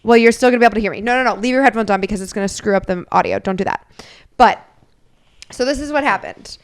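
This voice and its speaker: A woman co-hosting a podcast, telling a lively story and acting out the quotes of others. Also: mid-range voice, quick pace. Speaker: podcast co-host. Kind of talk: casual storytelling chat.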